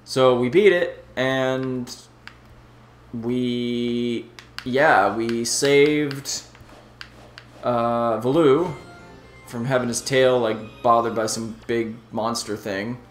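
A man's voice: medium pitch, fairly even intonation, reverberant, soft background music. A man hosting a let's play, chatting casually and rambling between laughs. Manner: laid-back, rambling, quick to laugh. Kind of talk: casual gameplay chat.

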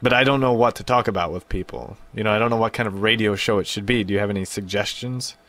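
A man's voice: fairly low pitch, fast, fairly bright tone. A man hosting a casual radio show, talking in a rambling, awkward, self-deprecating way. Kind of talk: casual phone interview.

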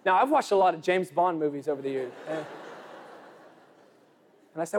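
A young man preaching a sermon, telling a lively story and building to emphatic declarations. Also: fairly high pitch, normal speed, long pauses, a little hiss or hum. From United States.

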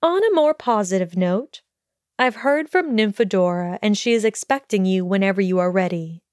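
A woman voicing a calm, steady older headmistress witch in a storybook reading, speaking evenly and measuredly. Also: mid-range voice, clean tone, no echo, clean studio sound, natural voice. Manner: even, measured delivery.

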